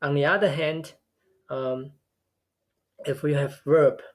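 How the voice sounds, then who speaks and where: Slow, measured male lecturer. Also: fairly high pitch, fairly even intonation. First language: a tonal language. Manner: measured, repeats words while explaining. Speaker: linguistics lecturer. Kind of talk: recorded lecture.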